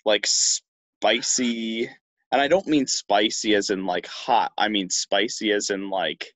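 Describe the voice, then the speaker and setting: A young man co-hosting a podcast in casual chat, talking in a slow, halting way with many restarts. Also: on the low side, fairly even intonation, fairly bright tone, no room sound. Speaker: podcast co-host.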